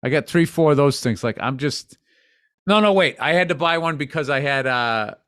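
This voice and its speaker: Blunt fifty-something man, slightly high voice. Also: lively intonation, normal speed, a bit bright, no room sound, clean studio sound. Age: 50s. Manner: blunt and profane, rambling asides. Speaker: comedian and podcast co-host. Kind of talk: casual podcast chat.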